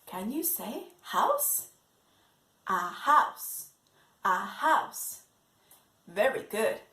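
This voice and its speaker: A woman teaching English to young children in an online lesson, slowly repeating words for them to copy. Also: a little high, very animated, pushed and bright. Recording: echoey room.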